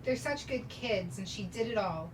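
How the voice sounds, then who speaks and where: A woman reading the part of a gentle, heartbroken divorced father, earnest and apologetic, in a scene reading. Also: medium pitch, expressive, normal speed, lightly acted. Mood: fond. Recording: distant mic, noisy background.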